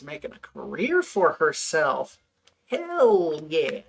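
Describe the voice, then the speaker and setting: A woman's voice: low voice, lively intonation, slow, pauses often, soft background music. A woman streaming a farming game, chatting casually with wry, muttered asides. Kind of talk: casual gameplay chat.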